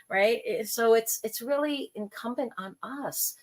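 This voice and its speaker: A middle-aged woman from New York talking casually, telling animated stories and acting out the voices of people she quotes. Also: on the high side, moderate pace, hardly any pauses. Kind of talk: casual conversation.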